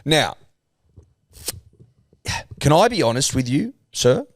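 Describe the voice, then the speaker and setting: A man's voice: mid-range voice, sing-song, slow, long pauses, dry recording, studio quality. A man co-hosting a sports podcast, laddish, sweary and mock-earnest. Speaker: podcast co-host. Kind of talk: casual chat.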